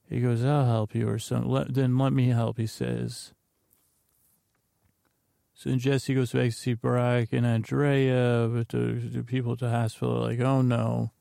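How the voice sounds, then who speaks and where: Gravelly man rambling through a recap. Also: mid-range voice, little pitch movement, unhurried, warm tone, no room sound, studio quality. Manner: rambling, jokey retelling with loose impressions. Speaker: podcast host. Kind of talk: casual comedic episode recap.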